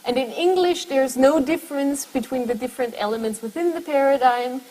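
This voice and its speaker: A woman's voice: high voice, a little fast, mellow, in a large hall, rough recording. A woman giving a university lecture to students, explaining step by step and often checking in with "right?". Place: lecture hall.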